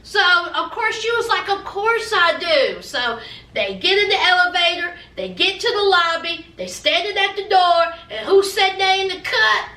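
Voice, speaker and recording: A woman hosting a casual, gossipy TV recap, telling the story in a sassy, animated way. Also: extremely high pitch, normal speed, distant mic. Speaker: reality TV recap host. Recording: echoey room, away from mic.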